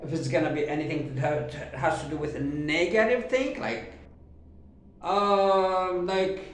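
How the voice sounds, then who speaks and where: A man teaching a grammar lesson who talks haltingly with many fillers and repeats himself, drawing out his example sentences slowly. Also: a little high, steady tone, a little hiss or hum. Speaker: English teacher. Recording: very echoey room.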